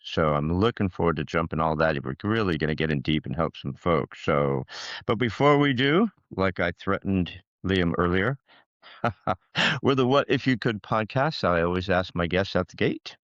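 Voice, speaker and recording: A deep-voiced man hosting a podcast, upbeat and chatty, his voice swinging up and down with lively energy. The sound is dry and a little dull, with a lo-fi edge. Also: normal speed, no echo. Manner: upbeat and enthusiastic. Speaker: podcast host. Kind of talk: casual interview chat.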